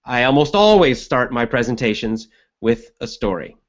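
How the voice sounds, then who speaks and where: Male host, energetic coach answering questions, mid-pitched voice, slightly dull lo-fi sound. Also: normal speed. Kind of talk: live show answering viewer questions.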